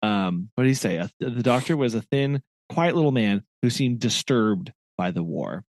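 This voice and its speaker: A man's voice: medium pitch, expressive, moderate pace, a little mellow, dry recording. A man co-hosting a podcast, chatting about a novel, reading passages aloud and laughing often. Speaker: podcast co-host. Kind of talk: casual book discussion.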